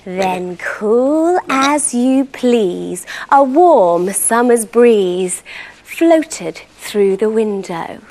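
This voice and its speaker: A British woman presenting on children's TV, narrating a rhyming story in an expressive, sing-song way. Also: a little high, very slow.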